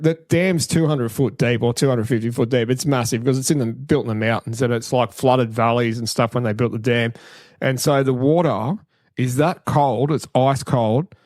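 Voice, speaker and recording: A man's voice: medium pitch, a little mellow, dry recording. Rambling Australian man, dry close mic. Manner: rambling, laughing, sweary. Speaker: podcast co-host. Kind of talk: casual storytelling chat.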